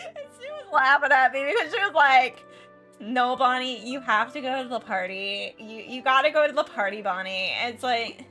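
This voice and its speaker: A woman's voice: high-pitched, very animated, measured pace, sharp tone, soft background music. A young woman teacher chatting casually while she plays a game, rambling with many fillers and restarts and laughing often. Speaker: teacher and content creator. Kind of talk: casual storytelling chat while gaming.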